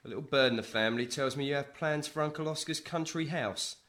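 In a sitcom, a British actor plays a scruffy, broke man trading dry jibes with his brother, in a wry mood. His voice is fairly high and fairly bright, dry and wry, close to an everyday voice, and he talks fast.

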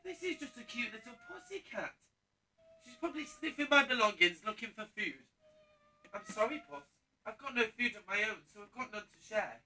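An earnest, jumpy young lad, fresh to the city, as a performer acts him out on a pantomime stage. The voice is lively in pitch and bright in tone. It is heard from a distance. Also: brisk. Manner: earnest, nervous, stammering.

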